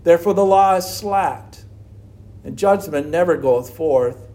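High-voiced man preaching a sermon. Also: a little slow, mellow. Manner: earnest, asks many rhetorical questions. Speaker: pastor.

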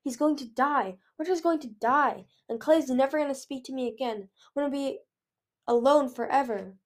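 A woman's voice: sits high, moderate pace, pitched above the performer's own voice, close to an everyday voice. A woman voicing a young female dragon, pleading and distraught, in a read-aloud storybook. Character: young female dragon, guilt-stricken and fierce.

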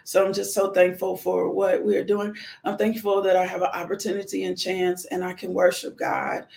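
Middle-aged woman rambling on her livestream, gravelly, says the same thing over and over. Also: on the low side, monotone, moderate pace, a little mellow. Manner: heartfelt, rambling, repeats herself. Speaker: livestream host, widowed mother. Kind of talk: casual live-stream chat.

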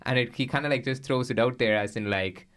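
A man co-hosting a casual faith podcast, speaking thoughtfully with halting fillers. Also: mid-range voice, a bit bright. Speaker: podcast co-host.

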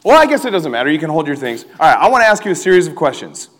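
An energetic young male preacher with a fairly high voice delivers a lively sermon and often calls on the crowd to answer back. His words ring out in a hall with a long reverb. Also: racing. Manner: animated, calls for crowd responses, laughs often. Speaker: youth pastor. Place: church hall with a live audience.

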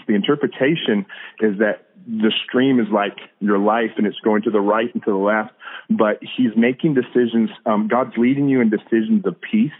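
Fairly low in pitch and steady in tone, this man talks at a normal pace about hearing God. He's an earnest podcast guest in a casual faith conversation, full of fillers and restarts, and the line sounds tinny like a phone.

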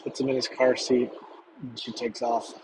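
A man telling a personal story from his past in a halting, measured way with long pauses. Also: medium pitch, level tone, background noise.

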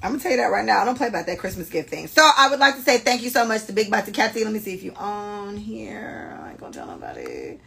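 A young woman hosting a podcast, chatting casually and reading listener stories in a brash, animated way. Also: on the high side, rapid-fire, creaky, hardly any pauses. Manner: animated, brash storytelling with frequent cursing. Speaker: podcast host.

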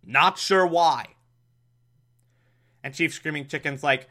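Man, slightly high voice, unhurried sardonic recap delivery, bright tone. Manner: exasperated, mocking, breaks into laughter and shouts. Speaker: show recapper. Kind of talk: sarcastic episode recap.

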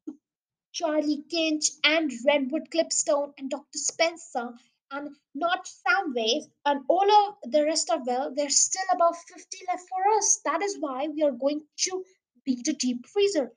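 A woman's voice: sits high, a little slow, rough recording. A woman reading as a jubilant, boastful father. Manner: exuberant, grand and boastful. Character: jubilant grown man, a boy's proud father.

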